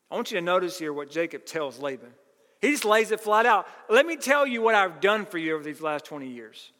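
A man's voice: high-pitched, sing-song, brisk, bright, forceful tone. A male pastor preaching a sermon, explaining scripture with an emphatic, earnest teaching tone. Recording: long reverb of a large hall.

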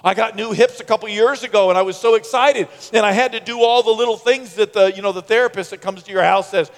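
A middle-aged man preaching a sermon as pastor, telling stories in an animated way and acting out quotes. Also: high voice, fast, gravelly, hardly any pauses. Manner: animated storytelling, acts out quotes. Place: church sanctuary. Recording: long church reverb.

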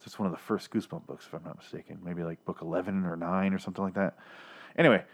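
A man with a lowish voice talks through a TV episode in a loose, rambling way. He swears freely and restarts his sentences often, in a relaxed conversational flow. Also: rapid-fire, creaky, husky. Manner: rambling, profane, many restarts. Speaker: podcast host reviewing a TV episode. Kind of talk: casual review chat.

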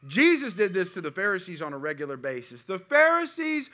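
A middle-aged man preaching a sermon to a congregation, with animated call-and-response delivery. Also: a little high, fast. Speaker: pastor.

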